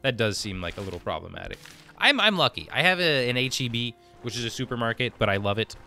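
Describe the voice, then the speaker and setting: A man's voice: mid-range voice, very animated, fast, vocal fry, bright, forceful tone, soft background music. A man streaming a game, casually reading viewer comments aloud and chatting back. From United States. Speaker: gaming streamer reading chat. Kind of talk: casual live-stream chat while gaming.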